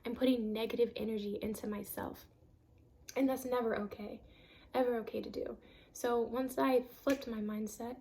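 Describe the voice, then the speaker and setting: A woman's voice: on the high side, fairly even intonation, moderate pace, mellow. Earnest woman vlogger on self-love. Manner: earnest, emphatic, repeats phrases for stress. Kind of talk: casual spiritual self-help talk.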